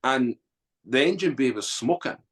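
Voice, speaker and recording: A man's voice: medium pitch, expressive, normal speed, a bit bright, breathy edge. A man, a podcast guest telling his story candidly and bluntly, swearing freely.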